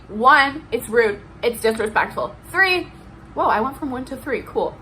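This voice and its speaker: A woman's voice: high voice, unhurried, pushed and bright, slight background noise, rough recording. A young woman venting in a heated, profane rant to her vlog viewers. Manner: heated, profane, emphatic ranting. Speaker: vlogger. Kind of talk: ranting vlog.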